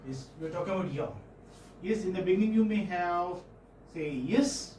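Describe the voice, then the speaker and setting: A fairly high-voiced man teaching a phonetics class, speaking from a distance in an echoey room with faint hiss behind him. He talks patiently and keeps checking in with his students. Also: quick pace, a little mellow. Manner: patient, checks in often with "okay?" and "hmm?". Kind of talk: classroom lecture. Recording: echoey classroom, mic far off.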